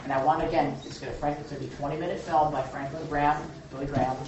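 A man leading a church Bible study, animated and joking, who acts out the quotes he reads. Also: on the high side, racing, dull audio, noisy background. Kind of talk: church teaching with group discussion. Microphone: room mic from a distance. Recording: echoey hall, far from the mic.

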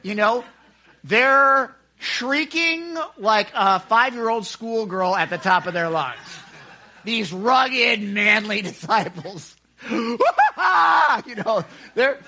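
A man leading a casual Bible study into a microphone, excitable and chatty, often acting out the scenes he describes. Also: high voice, a little slow. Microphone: handheld microphone.

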